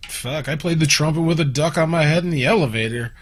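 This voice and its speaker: A man on a podcast trades quick sarcastic quips and absurd asides. His voice sits a bit higher than most men's. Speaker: podcast co-host. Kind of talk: casual chat.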